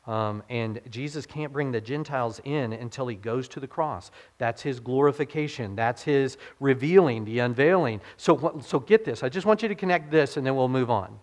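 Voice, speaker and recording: A man's voice: medium pitch, normal speed, few pauses. A man pastor giving a conversational sermon, posing rhetorical questions to the congregation and dropping his voice to quote scripture.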